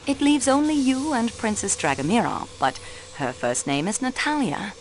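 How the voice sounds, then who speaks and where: An actress playing a sharp young railway clerk questioning suspects in a calm, ironic, probing way. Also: female voice, on the high side, normal speed, slight background noise, natural voice, low-quality recording. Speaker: investigator.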